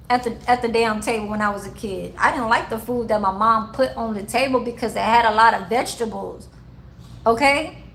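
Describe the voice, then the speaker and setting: A woman's voice: fairly high pitch, fairly bright tone, a little hiss or hum, poor audio. A woman in her forties chatting casually on a livestream, telling childhood stories with lots of cursing and laughter and talking to her chat. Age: 40s. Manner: profane, laughing storyteller who talks to her chat. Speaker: livestream host.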